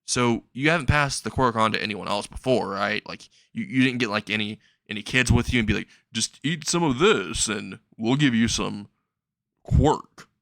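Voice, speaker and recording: A man's voice: on the low side, moderate pace, gravelly, fairly bright tone, no echo. A man voicing a jumpy, sarcastic teenage boy training to be a hero, blurting and stammering his retorts. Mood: mocking.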